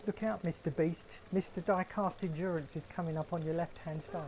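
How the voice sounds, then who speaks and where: A man's voice: on the high side, fairly even intonation, a little fast, darkish tone, low-quality recording. A man with a London accent hosting a casual live stream from his garden shed, chatting with viewers in a wry, joking way. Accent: London English. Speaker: livestream host.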